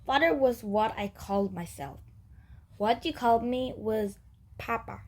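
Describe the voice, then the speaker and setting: A woman's voice: on the high side, measured pace. Woman reading as a fussy old cat great-grandpa. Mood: pleading. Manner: reading a talking-cat dialogue aloud in a lightly lifted voice. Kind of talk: children's book read aloud.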